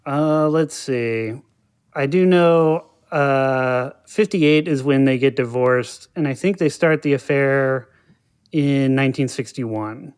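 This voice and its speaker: A man appearing as a guest on a podcast, answering in a relaxed, measured way. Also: mid-range voice, clear, resonant tone. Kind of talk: casual podcast conversation.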